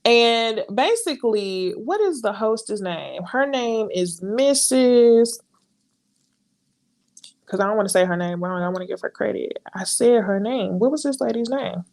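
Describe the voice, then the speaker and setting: A woman's voice: a little high, expressive, unhurried, creaky, a little mellow. A woman hosting a casual live recap, chatty and exasperated, talking straight to her viewers. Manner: breaks into laughter and brief mimicry of others. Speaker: reality TV recap host.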